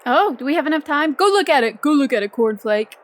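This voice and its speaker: A woman's voice: high voice, lively intonation, quick pace. A woman chatting eagerly as a player in a tabletop game. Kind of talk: casual chat during a tabletop game.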